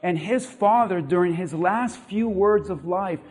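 High-voiced man preaching in an echoey hall. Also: measured pace. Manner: animated, emphatic preaching with repetition. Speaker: pastor. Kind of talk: sermon.

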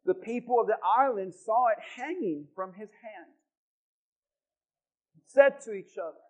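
High-voiced pastor preaching slowly. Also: male voice. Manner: emphatic repetition and rhetorical questions to the congregation. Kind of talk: sermon. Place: church. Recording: dull lo-fi sound.

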